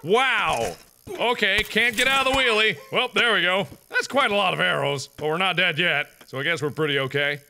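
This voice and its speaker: A young man giving loud, jokey let's-play commentary, swinging between deep mutters and high yelps. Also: normal speed, gravelly, background noise. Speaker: gaming video host.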